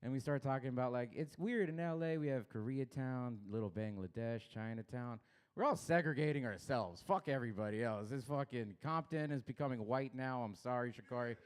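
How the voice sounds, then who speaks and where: A young man from Los Angeles doing a crude stand-up set, baiting the crowd and swinging his pitch up and down. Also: a little fast, clean tone. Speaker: stand-up comedian. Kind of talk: stand-up set at an open mic.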